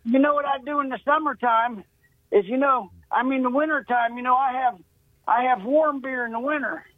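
A man's voice: very high-pitched, moderate pace, no room sound. A man calling into a radio show, joking in a folksy, drawling way over a phone line. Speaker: caller.

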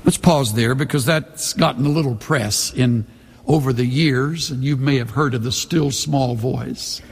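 A man preaching a sermon with a gravelly, slightly husky voice. He reads scripture in a measured, dramatic way, slowing for emphasis. His voice rings with the long reverb of a large hall. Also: mid-range voice, darkish tone.

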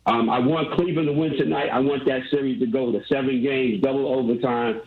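A man phones in to a sports radio show, teasing the hosts and pausing often with fillers. His voice sounds dull and roomy, like a muffled, echoing phone line. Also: mid-range voice, fairly even intonation. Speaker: caller. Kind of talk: phone-in chat.

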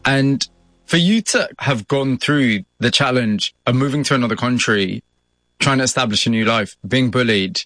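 A male radio host moves between scripted narration and measured, empathetic interview questions. His voice sits at a middle pitch. The recording is dry and close. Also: a bit bright, no echo.

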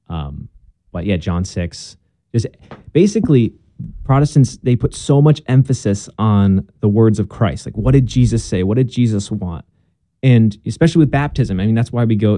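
A young man speaks as a guest in an unhurried conversation, earnest and a little halting as he restarts his sentences. His voice is very dark and mellow, sitting on the low side. The sound is dry and close. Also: no room sound. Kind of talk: casual conversation.

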